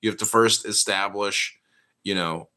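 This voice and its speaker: Deep-voiced, measured man host. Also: fairly even intonation, sharp tone. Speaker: podcast host. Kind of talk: casual chat.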